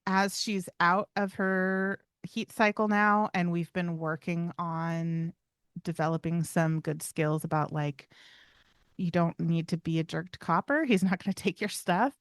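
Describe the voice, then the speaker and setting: A woman's voice: lowish voice, steady tone, unhurried, smooth, dry recording, studio quality. A woman co-hosting a podcast, explaining dog behavior in casual chat and acting out little bits of dog dialogue. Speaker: podcast co-host, dog trainer.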